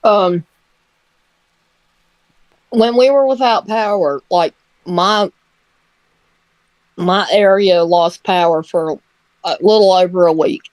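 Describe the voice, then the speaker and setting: A woman's voice: fairly low pitch, slow, pauses often, darkish tone, dry recording. A woman telling a casual story on a livestream, hesitant and often laughing.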